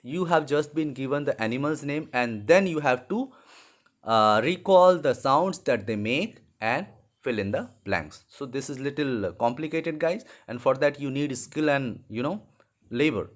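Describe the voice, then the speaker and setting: A man who teaches English speaks a little slowly with lively intonation at a medium pitch, teaching animal sounds to young children. He's patient and repeats key words throughout the slow lesson.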